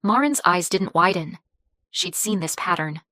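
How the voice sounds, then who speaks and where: Low-voiced woman narrating a story. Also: animated, unhurried, pushed and bright, no echo. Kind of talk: first-person story narration.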